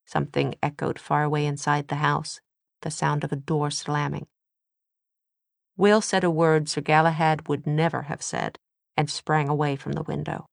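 A woman narrating a novel in an even, measured storytelling manner. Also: low-pitched, creaky, dry recording, studio quality. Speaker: audiobook narrator.

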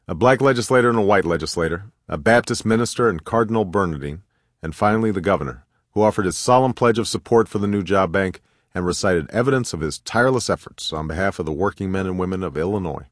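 A man reading a memoir audiobook in a measured, reflective way into a close studio mic. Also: low-pitched, no room sound. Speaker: narrator.

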